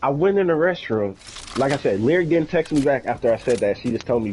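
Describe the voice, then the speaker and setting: Animated young man telling a profane story. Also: medium pitch, normal speed, slight background noise, low-quality recording. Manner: animated, profane, acts out quoted dialogue. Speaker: streamer. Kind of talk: casual storytelling on a game stream.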